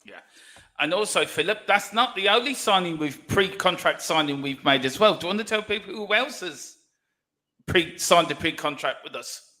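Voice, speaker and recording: A man co-hosting a casual sports livestream, jokey and energetic, with a sore throat. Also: sits high, moderate pace. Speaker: livestream co-host.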